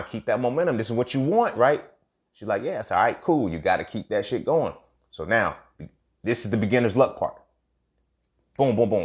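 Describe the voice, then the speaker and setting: A man hosting a podcast, telling a story in a casual, profane, animated way that rises to near-shouting when he gets worked up. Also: fairly low pitch. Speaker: podcast host.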